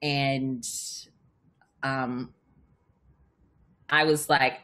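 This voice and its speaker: A woman actor as a podcast guest, telling stories in a casual, animated way, often stammering and repeating words. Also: a bass voice, extremely slow. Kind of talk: casual interview chat. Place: podcast recording.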